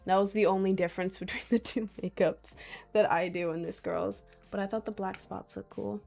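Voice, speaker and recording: A woman's voice: medium pitch, fairly even intonation, normal speed, creaky, a little mellow, faint music behind. A young woman livestreaming, chatting casually and reading out viewers' comments with frequent laughs. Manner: rambling and giggly, reading out chat.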